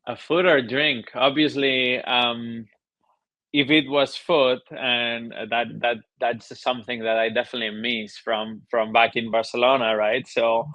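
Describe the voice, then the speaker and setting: A man from Spain with a Spanish accent, a club general manager chatting as a guest in an interview, relaxed and hesitant with fillers and restarts. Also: mid-range voice, a little slow, dry recording. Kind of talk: casual interview chat.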